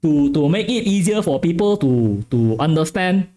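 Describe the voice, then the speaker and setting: Animated Malaysian man with a westernized accent. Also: fairly high pitch, normal speed. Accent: westernized English. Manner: animated, talkative, playfully self-correcting. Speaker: streamer hosting a tabletop game channel. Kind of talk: casual stream chat.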